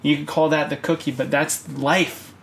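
Ranting podcast man, fairly high voice. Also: flat delivery, moderate pace, vocal fry. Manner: ranting, swears often, builds to loud bursts. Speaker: podcast co-host. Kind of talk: casual podcast chat.

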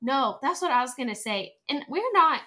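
A woman chatting as a guest, an animated storyteller who acts out quotes. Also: high voice, normal speed. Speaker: podcast guest, travel planner. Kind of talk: casual chat.

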